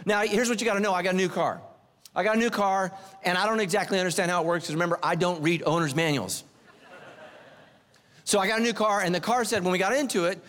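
A man, the senior pastor, preaching a humorous sermon as an animated, self-mocking storyteller. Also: high-pitched, fast, long reverb tail.

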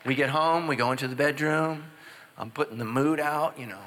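Male pastor, comic sermon storyteller, bright and punchy, swings loud to hushed, echo of a big sanctuary. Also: brisk, slight background noise. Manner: animated, jumps into loud high exclamations and drops to hushed confessions.

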